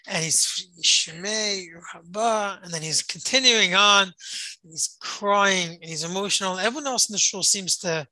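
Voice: mid-range voice, normal speed, bright, forceful tone, no echo, poor audio. A Torah study leader telling a story to a group on a call, rambling and repeating words, explaining Hebrew terms as they go. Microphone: call or online meeting.

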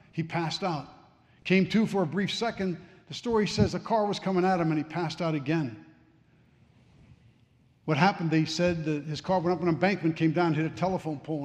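High-voiced man preaching in echoing church. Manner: dramatic, swings from hushed to fervent. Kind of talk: sermon storytelling. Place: church sanctuary. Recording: long reverb of a large church.

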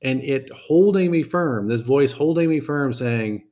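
A man hosting a podcast, telling a personal story in a reflective, halting way and often repeating words. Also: mid-range voice, animated, mellow.

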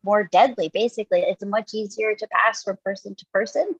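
A woman's voice: mid-range voice, a little fast, slightly rough, dry recording, highs cut off. A woman guest doctor explaining things in casual podcast chat, self-conscious and laughing often.

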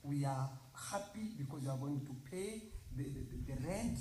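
Brief: pastor, mid-pitched voice, slow and grateful, echoey room with faint noise. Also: expressive. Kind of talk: thank-you message in a played video.

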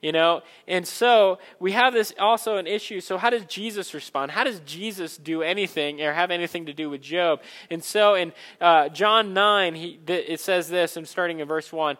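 A man preaching a sermon, animated and conversational, acting out the people in the story in quick asides. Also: sits high, big-room sound. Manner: animated, acts out Bible characters in quick asides. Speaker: pastor.

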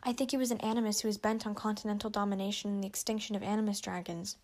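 A woman's voice: mid-range voice, flat delivery, racing, darkish tone, lightly acted. Clever bitter boy dragon, read by a woman, hisses, storybook. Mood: lecturing. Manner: bitter, hissing. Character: bitter clever male dragon, know-it-all.

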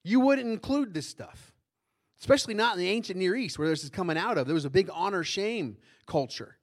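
Middle-aged male pastor, fairly high voice, chatty sermon delivery that checks in with the room. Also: animated, brisk. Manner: conversational, asks the congregation questions.

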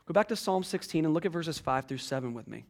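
High-voiced man preaching a conversational sermon. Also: expressive, fast. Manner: conversational preaching with frequent "right?" asides. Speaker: pastor.

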